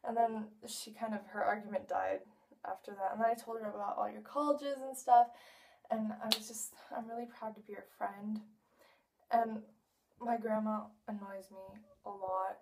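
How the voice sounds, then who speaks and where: A woman's voice: medium pitch, fairly even intonation, moderate pace, vocal fry, a little mellow, recorded from a distance, slight background noise. A teenage girl giving a casual video message to a friend, chatty and rambling, often laughing as she talks. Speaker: vlogger addressing a friend.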